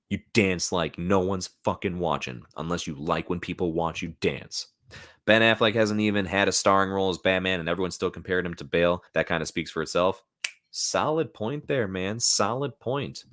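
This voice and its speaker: On a casual live stream, a very low-voiced man with a bit of brightness talks loosely and at length, with occasional swearing, reading chat comments aloud and replying. He's at home at a laptop, using a new streaming microphone.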